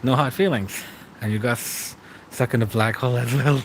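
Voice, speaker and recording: A man's voice: mid-range voice, normal speed, slight background noise, low-quality recording. A young man streaming late at night, reading out chat and answering in a rambling, casual way with frequent chuckles.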